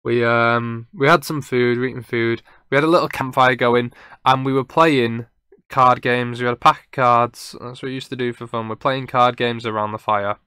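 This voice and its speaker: A young man tells a story in a chatty, meandering way, stopping to correct his own details. His voice is bright and crisp, and the sound is dry and close. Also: mid-range voice, fairly even intonation, normal speed, no room sound. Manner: rambling, self-correcting, chatty. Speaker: podcast host. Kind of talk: casual storytelling.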